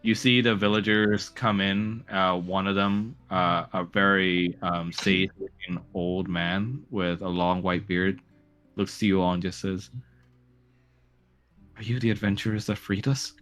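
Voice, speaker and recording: Low-voiced man running a tabletop game. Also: unhurried, smooth, faint music behind. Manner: relaxed narration with frequent "uh" and "like". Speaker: game master.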